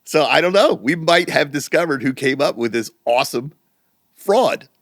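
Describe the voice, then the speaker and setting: A middle-aged man co-hosting a casual podcast, telling stories with lively energy and free swearing. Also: fairly high pitch, normal speed, no echo, clean studio sound. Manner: animated storytelling, swearing freely. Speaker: podcast co-host. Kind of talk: casual chat.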